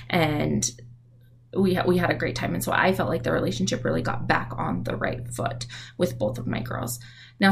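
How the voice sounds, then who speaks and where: A mother talks frankly about parenting in a low, husky voice with a gravelly edge. Her pitch rises and falls a lot as she reflects. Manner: candid, reflective, swears casually. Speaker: parenting speaker. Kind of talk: casual advice talk.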